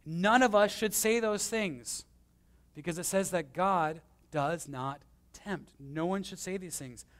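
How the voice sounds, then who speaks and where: A man preaching a conversational sermon as pastor, swinging between emphatic and hushed, with self-deprecating stories. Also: high voice, takes it slowly. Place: church.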